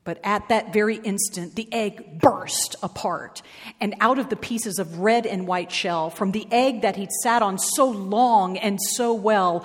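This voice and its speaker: Expressive female storyteller reading rhyming verse slowly in a reverberant hall. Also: medium pitch.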